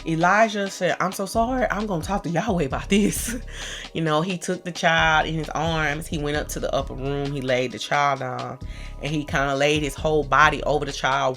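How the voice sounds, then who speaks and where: Slangy woman retelling a story casually. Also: deep voice. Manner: slangy, animated, joking. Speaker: storyteller host.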